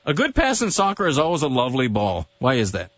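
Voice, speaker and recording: A man who writes for a newspaper, a guest on a radio show, trading casual banter with wry, deadpan humor. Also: medium pitch, fast talker, no echo. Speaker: newspaper columnist, studio guest. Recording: dull lo-fi radio broadcast, dry.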